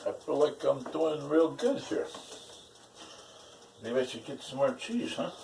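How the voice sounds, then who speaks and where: A man's voice: medium pitch, big pitch swings, measured pace, vocal fry, long pauses, darkish tone. A man casually vlogging while he cooks at home, rambling and crude, with plenty of swearing. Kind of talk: casual cooking vlog, talking to viewers. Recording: mic at a distance, faint background noise.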